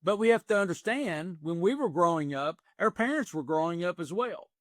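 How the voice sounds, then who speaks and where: A man in his sixties with a somewhat high voice tells stories in a plain, earnest way, full of folksy turns of phrase. The sound is dry and close, with no room echo. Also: animated, normal speed, a bit bright. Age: 60s. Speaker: executive coach. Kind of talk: podcast interview.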